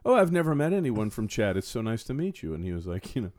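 Lively storytelling man from Florida. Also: medium pitch, quick pace, dry recording. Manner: animated storyteller, acts out dialogue. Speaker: podcast co-host. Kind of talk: casual storytelling chat.

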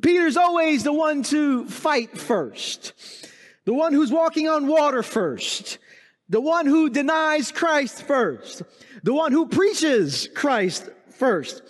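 A male pastor with a strikingly high voice delivers his sermon at an unhurried, measured pace. He leans on repeated rhetorical questions and emphatic phrasing. The sound carries a long, reverberant hall tail. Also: very animated.

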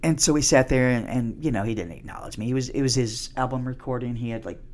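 A woman's voice: a bass voice, quick pace, darkish tone. A middle-aged woman and comedian, a podcast guest telling rambling, profane stories with many restarts in a casual interview.

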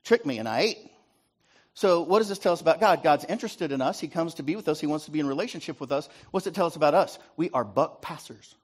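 A man's voice: a little high, fast talker, few pauses, slightly rough. A man preaching a sermon as pastor, asking the congregation to repeat lines back to him and tagging points with "right?". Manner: rhetorical call-and-response, repeated "right?".

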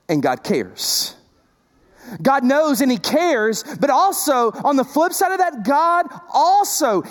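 A man's voice: very high voice, in a large hall. A male pastor preaching a sermon in a conversational, emphatic way, repeating words and adding asides to the congregation.

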